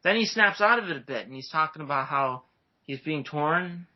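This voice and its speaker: A young man chatting casually while reviewing a movie, excitable and often acting out scenes. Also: on the high side, normal speed. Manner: excitable, acts out movie lines. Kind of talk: casual chat. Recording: dull lo-fi recording.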